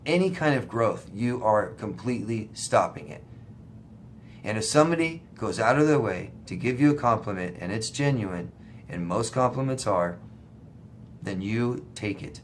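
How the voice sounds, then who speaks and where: A man's voice: fairly low pitch, lively intonation, normal speed, a little hiss or hum. A man answering viewer questions as a life coach, blunt and emphatic, swearing now and then to drive a point home. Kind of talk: casual direct-to-camera advice.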